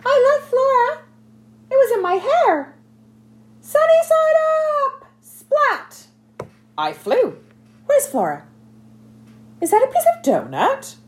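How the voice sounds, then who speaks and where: A woman voicing an excitable small male squirrel who babbles in short, breathless bursts, in an audiobook reading. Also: very high voice, slow, pauses often, slight background noise, pitched above the performer's own voice, full character voice. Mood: giddy.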